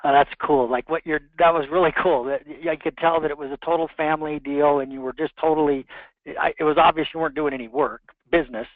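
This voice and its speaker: Middle-aged man, rambling heartfelt story, lots of restarts, slightly high voice, thin phone-line sound. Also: fast, vocal fry, no room sound. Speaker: mortgage professional on a coaching call. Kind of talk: personal story on a group call. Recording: tinny phone line, dry.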